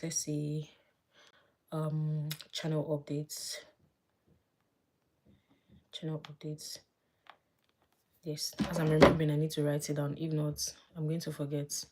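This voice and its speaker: Woman vlogger, low voice, husky, chatty live makeup tutorial with soft asides. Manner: chatty, thinks aloud, drops to soft murmurs while applying makeup. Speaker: beauty vlogger.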